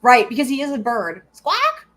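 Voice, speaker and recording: A woman's voice: medium pitch, animated, normal speed. A woman hosting a live stream, chatting casually and giggling as she answers her viewers.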